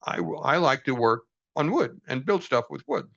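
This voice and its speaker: A man's voice: medium pitch, lively intonation, moderate pace, creaky, bright, forceful tone. An older man reading from a book aloud and reflecting on it in an earnest, folksy, self-deprecating way, on a dull lo-fi recording. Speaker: book study host.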